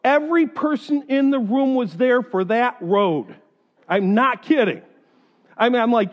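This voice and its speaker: A man preaching a sermon who tells personal stories in an animated way and acts out other people's voices. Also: very high-pitched, moderate pace. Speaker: pastor. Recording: dull sound in a reverberant hall.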